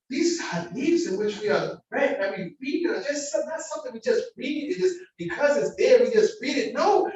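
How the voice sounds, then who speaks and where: A man giving an informal sermon in a mosque hall, preaching in a casual, slangy way and acting out everyday dialogue. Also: extremely high pitch. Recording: echoey hall, distant mic, faint noise.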